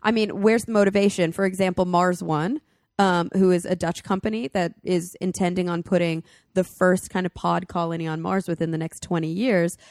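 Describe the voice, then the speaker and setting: Animated woman explaining as a guest. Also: on the low side, no room sound, clean studio sound. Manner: animated, quick explainer with playful put-on quotes. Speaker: podcast guest. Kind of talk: casual conversation.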